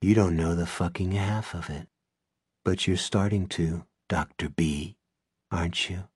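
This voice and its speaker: A man's voice: deep voice, fairly even intonation, a little slow, husky, dry recording, studio quality. Man doing a cold, curt commander. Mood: muttering. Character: cold, controlling man in a borrowed body.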